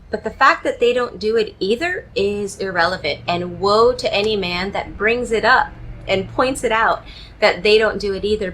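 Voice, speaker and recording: A woman relationship coach giving advice straight to the viewer in a measured, emphatic way, leaning on key words. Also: medium pitch, a bit bright, a little hiss or hum, rough recording. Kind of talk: direct-to-camera advice talk.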